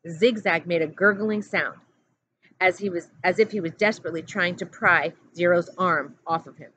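A woman teacher reading a chapter book aloud in a steady, plain narrating voice. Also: lowish voice, moderate pace. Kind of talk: storybook read-aloud. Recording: dull lo-fi audio with faint hum.

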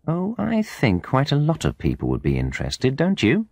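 A man's voice: mid-range voice, wildly swooping pitch, normal speed, vocal fry, darkish tone, no echo, voice pushed up, exaggerated voice. A man voicing a defiant former manager in an audiobook, speaking confidently with a raised, pressing voice. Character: defiant foreign ex-manager, confronting his enemies.

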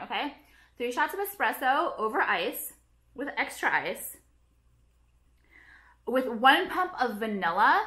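Woman, high voice, bright tone, home vlog chat, dramatic swearing rants, filler-heavy. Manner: fast, profane, dramatic rants with constant "like". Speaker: beauty vlogger. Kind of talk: casual chat to camera.

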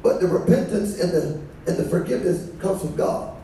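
A man's voice: high-pitched, expressive, moderate pace, dark tone, a little hiss or hum. A man preaching as a bishop in a conversational style, answered by the congregation. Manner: conversational preaching with call-and-response. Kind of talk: sermon. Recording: echoey church from far off.

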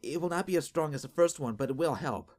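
A man's voice: expressive, fairly quick, close to an everyday voice. A man voicing a devoted young woman healer who sounds anxious yet determined. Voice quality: anxious, determined, higher-pitched.

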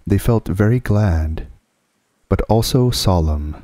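Calm male storyteller, deep and unhurried, on a dry close recording. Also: dry recording. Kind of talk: bedtime story reading.

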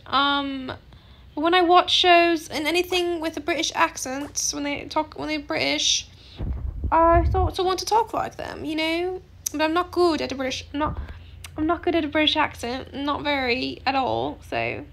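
A woman's voice: high voice, moderate pace, creaky, a bit bright. A young woman hosting a gaming video, chatting casually and hesitantly with lots of fillers. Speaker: gaming channel host. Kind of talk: casual gameplay chat.

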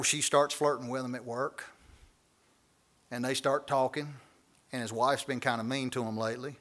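A preaching man teaches a Bible study in church. His voice sits notably high, and he is lively and folksy as he explains the scripture. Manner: animated preaching with folksy asides and acted quotes. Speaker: pastor.

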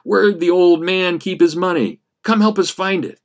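A man's voice: high-pitched, normal speed, voice pushed up. A man playing a sly rat-faced convict. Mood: wheedling.

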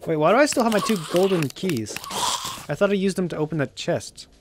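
Excitable young gamer guy, lively pitch. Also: fairly quick, music in the background. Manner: excitable, shouts at enemies in frustration. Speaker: let's play gamer. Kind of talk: gameplay commentary.

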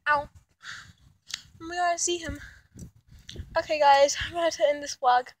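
A woman's voice: high-pitched, normal speed, poor audio. A woman vlogging outdoors in the cold, chatting casually and exclaiming over and over. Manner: excitable, keeps exclaiming. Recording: loud outdoor noise.

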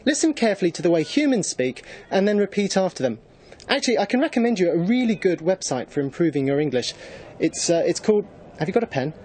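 A man's voice: high voice, sing-song, fast talker, a little mellow, slightly rough, heavily acted. A man playing a chatty, helpful young cat who gives advice in a school pantomime.

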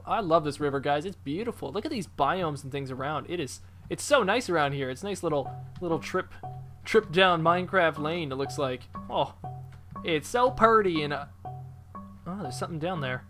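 A man giving casual, excitable commentary while playing a video game, chatty and quick to exclaim. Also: a little high, faint music behind. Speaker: gamer.

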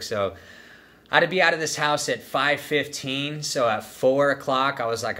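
Laid-back young man with a bright voice. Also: mid-range voice, a little slow. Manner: profane, laid-back, full of "dude" and "man". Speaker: vlogger telling a trip story. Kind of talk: casual storytelling.

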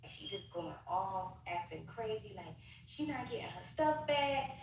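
A woman telling a casual storytime in an animated way, often speaking straight to the viewers. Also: medium pitch, a little slow. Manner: animated, addresses viewers as "y'all". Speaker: storyteller in a played clip. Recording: echoey room from far off, noisy.

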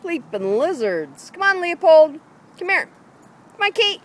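Filming her dogs with a handheld camera beside a backyard fence, a woman calls and coaxes them in casual narration. Her very high, slightly bright voice is very animated yet unhurried and sing-song, with slight background noise.

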